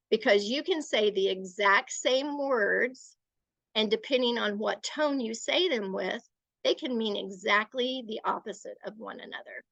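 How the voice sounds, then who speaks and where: A middle-aged woman giving a gentle, explanatory talk to parents, sometimes acting out the phrases she uses as examples. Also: mid-range voice, gravelly, no room sound, muffled recording. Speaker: parenting educator.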